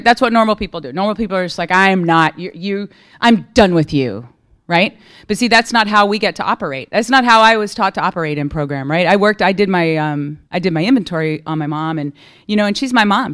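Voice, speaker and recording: A woman giving a candid, conversational recovery testimony at a meeting, often checking in with her listeners. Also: lowish voice. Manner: candid and conversational, keeps asking "right?". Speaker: speaker sharing at a recovery meeting.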